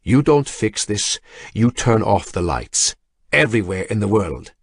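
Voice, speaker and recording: A man's voice: mid-range voice, big pitch swings, normal speed. A man reading an audiobook, voicing a powerful older industrialist who growls angrily over a phone line. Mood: furious. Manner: growling, blunt, swearing.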